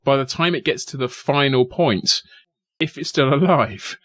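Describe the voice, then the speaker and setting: Relaxed male podcast host. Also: medium pitch, unhurried, dry recording. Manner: relaxed, explanatory, chatty. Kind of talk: casual podcast chat.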